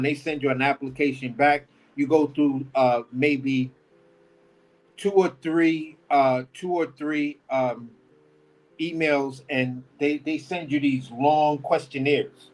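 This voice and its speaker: A man's voice: medium pitch, rough recording. Slangy New man telling a story. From New York. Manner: slangy, rambling, talks with energy. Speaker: podcast guest. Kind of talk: casual storytelling.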